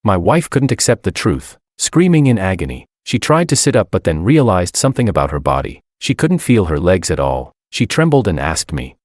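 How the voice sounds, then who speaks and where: A man's voice: low voice, sing-song, moderate pace, hardly any pauses, dry recording, clean studio sound. A man giving scripted first-person narration of a dramatic story. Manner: dramatic, pleading in his own quoted lines.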